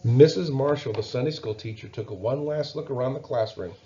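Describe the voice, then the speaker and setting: A man reading a children's Bible story aloud, gentle and expressive, asking his young listeners questions. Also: medium pitch, brisk, muffled recording, a little hiss or hum.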